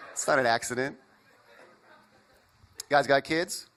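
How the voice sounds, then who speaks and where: A young man from Indiana performing an animated stand-up comedy set, riffing with the crowd. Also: mid-range voice, takes it slowly, a little hiss or hum. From Indiana, USA.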